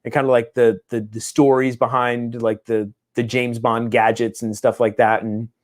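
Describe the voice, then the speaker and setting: A man co-hosting a casual chat show, mid-pitched and conversational. He tells a long, winding story full of restarts and briefly acts out the people in it. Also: little pitch movement, normal speed. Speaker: podcast co-host.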